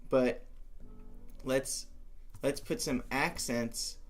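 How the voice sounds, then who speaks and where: A man's voice: medium pitch, steady tone, extremely slow. A young man thinking aloud as he composes music, musing and talking to himself with playful asides. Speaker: composition teacher.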